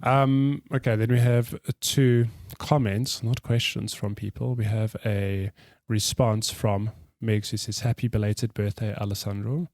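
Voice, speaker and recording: A man co-hosting a podcast, chatting casually with plenty of laughs and quick reactions. His voice sounds close and dry, with no room around it. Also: fairly low pitch, steady tone, darkish tone, no echo. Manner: laughs often, short reactions like "my goodness". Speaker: podcast co-host. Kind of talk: casual chat.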